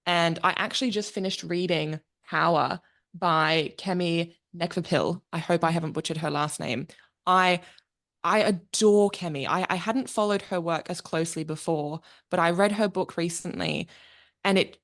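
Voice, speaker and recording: A young woman hosting a podcast, chatting candidly and reflectively, laughing easily. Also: fairly low pitch. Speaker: podcast host. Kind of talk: casual interview chat.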